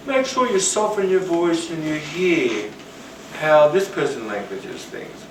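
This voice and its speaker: A man giving a rambling, animated talk on rapport, now and then acting out the voices of people he quotes. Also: on the high side, unhurried. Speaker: teacher. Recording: roomy, distant, noisy.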